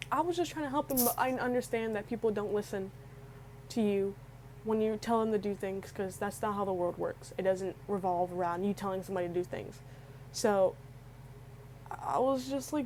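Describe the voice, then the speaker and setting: A woman's voice: medium pitch, darkish tone, slight background noise, rough recording. A young woman on the verge of tears, rambling through a personal story with many restarts and filler words. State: tearful, close to crying. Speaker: vlogger. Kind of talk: emotional storytelling.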